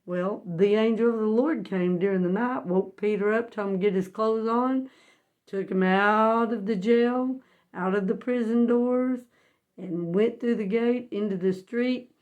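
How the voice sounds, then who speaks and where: A woman's voice: medium pitch, a little slow, a little mellow, lo-fi sound. A woman teaching a Bible lesson as folksy storytelling, earnest and emphatic, often asking her listeners to guess what happened next.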